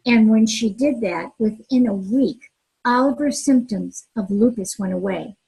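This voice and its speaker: A middle-aged woman with a high, airy, husky voice, speaking earnestly as a mediator and relationship author. She answers interview questions with feeling and tells stories from her own life. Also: measured pace, rough recording. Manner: earnest, expressive storyteller who acts out dialogue. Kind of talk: interview answers with personal anecdotes.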